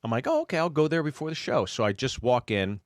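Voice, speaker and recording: A man's voice: mid-range voice, animated, fast talker, dry recording, studio quality. A man from Pittsburgh co-hosting a casual podcast, blunt and profane as he rants about rude people. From Pittsburgh, USA. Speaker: podcast co-host.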